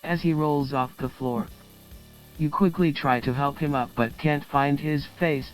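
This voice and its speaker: A man on a live stream reading out an AI-written story in a plain, even manner. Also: on the high side, measured pace, soft background music. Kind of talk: reading story text aloud.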